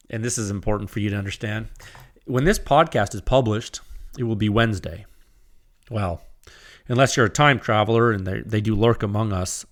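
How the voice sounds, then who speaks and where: A man hosting his own podcast, talking alone into the mic. He sounds excitable and rambling, often restarting his sentences before he gets going. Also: lowish voice, moderate pace, pauses often. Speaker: podcast host. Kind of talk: solo podcast talk.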